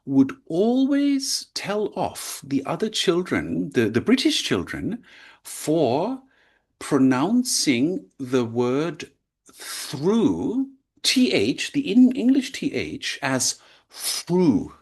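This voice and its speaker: A man's voice: a little high, huge pitch swings, takes it slowly, husky. A man teaching a lecture, explaining with frequent checks like "right?" and "yeah?". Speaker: language teacher.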